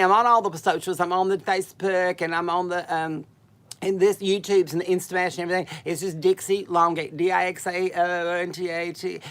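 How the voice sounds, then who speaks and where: A woman's voice: medium pitch, a bit bright. A woman hosting a chatty livestream monologue from home, rambling and folksy, with bawdy asides. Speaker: livestream host.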